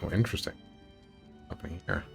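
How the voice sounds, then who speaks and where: A man's voice: fast talker, faint music behind. A man streaming a text adventure game, reading the story aloud and chatting casually with his viewers. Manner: casual, reads narration and chats with viewers.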